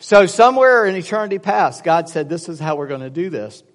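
A man's voice: a little high, a little fast. A man preaching a sermon, telling stories and acting out voices as he goes. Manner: storytelling, animated, acts out voices in jokes. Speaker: pastor. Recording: long hall reverb.

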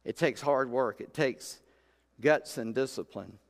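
Folksy preacher in a reverberant church. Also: male voice, mid-range voice, measured pace. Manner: folksy storytelling, acts out voices in quotes. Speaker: pastor. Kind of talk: sermon. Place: church sanctuary. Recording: long hall reverb.

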